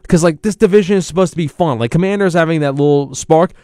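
A man's voice: on the high side, fast, dry recording, clean studio sound. Rambling young man on college radio. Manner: rambling, animated, self-correcting. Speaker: college radio sports host. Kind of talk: casual solo sports talk.

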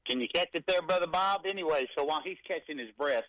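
A man from East Texas, a guest on a call-in ministry broadcast, talking in an excited, folksy way. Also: a little high, quick pace, no room sound, poor audio.

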